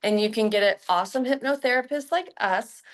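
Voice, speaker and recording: A young adult woman, a hypnotherapist, talking about healing in a casual, animated, slangy way. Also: fairly high pitch, a little fast. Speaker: guest hypnotherapist. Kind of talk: casual podcast chat.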